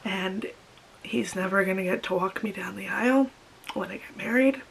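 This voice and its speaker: A young woman vlogging about her grief, speaking while crying, halting and repeating herself. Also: mid-range voice, vocal fry, slight background noise, rough recording. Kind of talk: personal confessional vlog.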